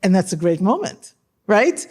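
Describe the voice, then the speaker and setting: A woman scholar speaking on a panel discussion about translation, animated and emphatic, often tagging her points with questions. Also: mid-range voice, normal speed, husky.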